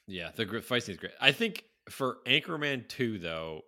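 A man's voice: mid-range voice, sing-song, normal speed, sharp tone. A man co-hosting a casual chat, telling stories with plenty of swearing and laughter. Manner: profane, laughing storyteller. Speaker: podcast co-host.

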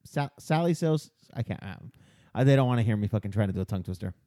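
Crude, laughing young man with a dark voice. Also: lowish voice, very fast, no room sound, clean studio sound. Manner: profane, laughing, acts out quoted voices. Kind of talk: crude casual banter.

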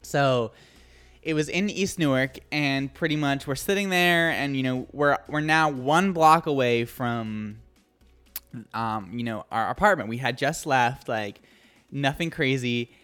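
A male radio host telling a story in casual studio chat, animated, laughing often and full of fillers. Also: mid-range voice, unhurried, clean tone, soft background music.

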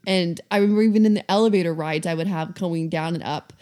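A woman's voice: on the low side, quick pace, mellow. A woman co-hosting a casual chat, telling stories and reflecting in an earnest way. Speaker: podcast co-host.

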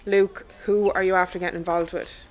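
A woman's voice: on the low side, flat delivery, fairly quick, lightly acted. A woman with an Irish accent playing an irritable, blunt space fleet commander who swears freely. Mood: irritated. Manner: sharp, exasperated, swears freely. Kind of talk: audio drama acting.

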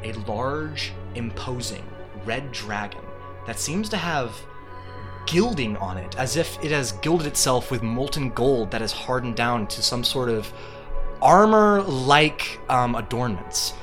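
A man's voice: mid-range voice, lively intonation, unhurried, over music. A young man narrating a tabletop game as game master, casual with frequent fillers.

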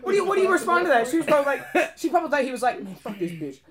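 A woman's voice: sits high, rapid-fire, crowd noise. A young adult woman co-hosting a podcast, telling a story in casual, profane chat and laughing often. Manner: profane, laughing, swings between hushed and loud. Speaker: podcast co-host.

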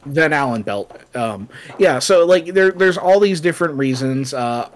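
A man with a somewhat high voice co-hosts a relaxed podcast. He talks in a chatty, loose way, full of fillers and little asides, and now and then reads from his notes. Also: unhurried. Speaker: podcast co-host. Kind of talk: casual chat, reading notes.

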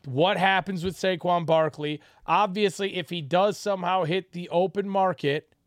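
A man co-hosting a casual sports podcast, analytical and measured, with a teasing streak toward his co-host. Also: high-pitched, fairly even intonation, dry recording, clean studio sound.

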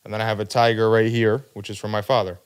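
A man's voice: on the low side, little pitch movement, fast, smooth. A man hosting a podcast in casual chat, laid-back and teasing.

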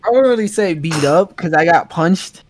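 A man's voice: fairly high pitch, animated, moderate pace. A young man co-hosting a casual podcast, joking around in slang and calling people "bro". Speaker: podcast co-host. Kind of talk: casual chat among friends.

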